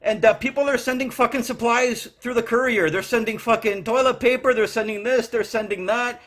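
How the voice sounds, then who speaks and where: A man's voice: extremely high pitch, steady tone, a little fast, a bit bright. A man playing a foul-mouthed angry courier clerk. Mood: ranting. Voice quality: brash, swearing, ranting. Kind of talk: comedy character monologue. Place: home.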